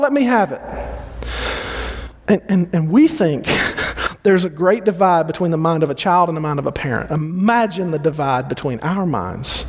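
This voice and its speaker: A man in his thirties preaching a sermon, animated and given to repeating words as he builds a point. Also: sits high, long reverb tail. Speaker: pastor.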